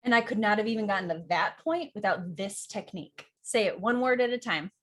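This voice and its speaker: Young woman, acting teacher, upbeat tutorial, chatty and animated. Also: mid-range voice, fairly quick. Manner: chatty and animated, laughs often. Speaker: acting teacher and channel host. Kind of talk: upbeat tutorial talk to camera.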